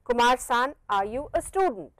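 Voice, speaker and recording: A woman with an Indian English accent teaching a Japanese lesson, patiently repeating phrases slowly for learners. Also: on the high side, animated, fairly bright tone, no room sound, rough recording. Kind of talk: classroom lecture. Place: teaching studio with a board.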